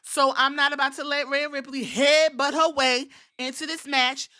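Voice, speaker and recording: Woman doing a sassy confident woman wrestler, high and bright, assertive. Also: level tone, moderate pace. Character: confident female wrestling champion, self-assured.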